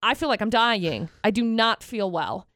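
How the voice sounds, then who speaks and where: A young woman co-hosting a radio show, telling stories in an expressive, chatty way. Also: medium pitch, moderate pace, dry recording, studio quality. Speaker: radio co-host. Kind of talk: casual radio banter.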